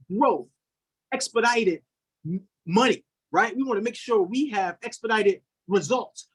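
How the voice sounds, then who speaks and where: A man's voice: sits high, husky. A man hosting a group video call and delivering a repetitive, rallying motivational pep talk. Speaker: motivational coach and call host.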